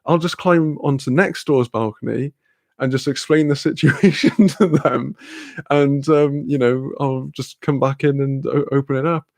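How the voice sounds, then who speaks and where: A man's voice: medium pitch, measured pace, vocal fry, a little mellow, no echo, studio quality. A British man quoting a breezy, careless young male friend in an offhand, reassuring tone. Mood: dismissive.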